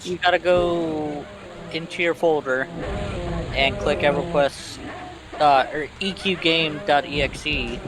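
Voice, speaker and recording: A man's voice: fairly high pitch, steady tone, takes it slowly, noisy background. A man in a gaming voice chat, giving plain step-by-step help. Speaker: gamer in voice chat. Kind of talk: casual chat.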